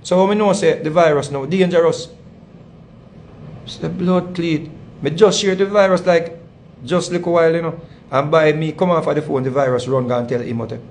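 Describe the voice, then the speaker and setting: A man's voice: on the high side, a little fast, darkish tone, slight background noise. Jamaican man telling a long story. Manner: rambling, repetitive, heavy patois phrasing. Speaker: channel host. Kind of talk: casual storytelling monologue.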